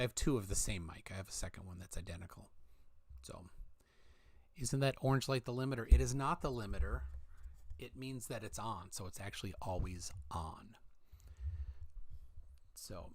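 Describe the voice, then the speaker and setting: A man hosting a casual livestream, reading out chat comments in a rambling, halting way with many fillers, holding his mic close at home. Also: on the low side, darkish tone. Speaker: livestream host. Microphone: handheld mic held close.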